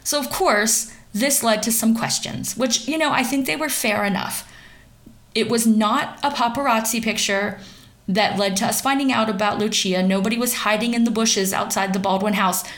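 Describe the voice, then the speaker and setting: A woman's voice: on the high side, moderate pace, a bit bright. Woman, young adult, sardonic gossip commentator, wry and sarcastic. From central Pennsylvania, US.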